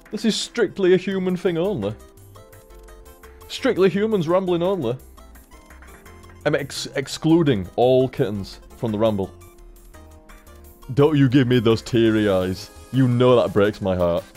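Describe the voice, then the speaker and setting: A man's voice: mid-range voice, lively intonation, unhurried, pauses often, a little mellow, faint music behind. A young man streaming from home into a desk microphone, rambling casually, swearing freely and chatting to his cat. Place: home room. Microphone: studio microphone on a desk stand.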